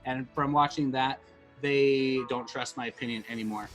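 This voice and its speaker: A man's voice: mid-range voice, fairly even intonation, moderate pace, fairly bright tone, soft background music. A middle-aged man co-hosting a podcast, rambling and getting emotional in casual chat, full of restarts. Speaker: podcast co-host.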